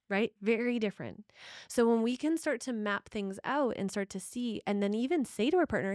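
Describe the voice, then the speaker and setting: A middle-aged woman co-hosting a relationship talk, emphatic and lively, with laughs breaking in as she makes her points. Her voice sits at an ordinary pitch for a woman and is recorded close and dry, with no room sound. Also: normal speed, no room sound. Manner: animated, emphatic, laughs often. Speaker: podcast co-host.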